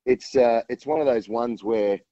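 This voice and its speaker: A man's voice: medium pitch, moderate pace, warm tone, no room sound, lo-fi sound. A man talking rugby as a guest on a sports radio show, rambling with many restarts. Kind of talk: casual radio chat.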